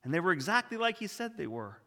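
A male pastor delivers a storytelling sermon in a measured way. His voice is bright and clear, and the church sanctuary adds a long reverb. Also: high-pitched, sing-song.

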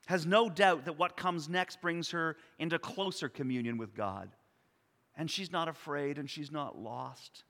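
A man in his sixties preaching a sermon, telling personal stories in an earnest, reflective way with soft pauses. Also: fairly high pitch, big-room sound. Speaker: pastor.

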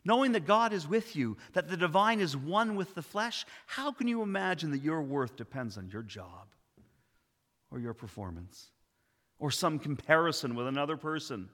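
Jesus as a preacher plays him, slow and gentle but firm, bright voice ringing in a big hall. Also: male voice, fairly high pitch, big pitch swings. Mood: commanding. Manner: slow, deliberate, tender with bursts of authority. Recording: long hall reverb.

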